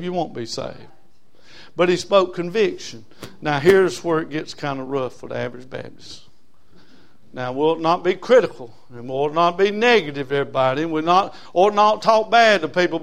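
Folksy preacher, high voice. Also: male voice, normal speed, creaky. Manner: folksy preaching, swings from loud emphasis to low asides. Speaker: pastor. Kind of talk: sermon.

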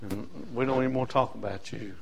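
A man's voice: mid-range voice, fairly even intonation, fast, gravelly, background noise. An older man preaching a sermon, impassioned and folksy, building on rhythmic repetition.

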